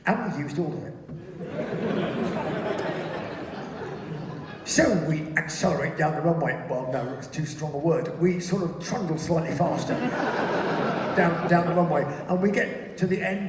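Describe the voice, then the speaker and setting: Man, lively high voice, comic stage storyteller, distant hall recording. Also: normal speed, slight background noise. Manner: animated, profane, laughing anecdotes. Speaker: guest speaker. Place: large theater stage. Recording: distant, echoey theater recording.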